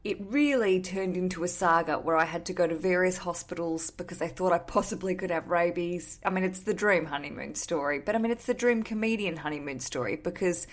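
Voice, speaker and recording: A woman's voice: on the low side, fairly quick, few pauses. A woman in her thirties hosting a wedding podcast, chatting casually and candidly with self-mocking humour and some swearing. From Australia. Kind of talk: casual solo podcast chat.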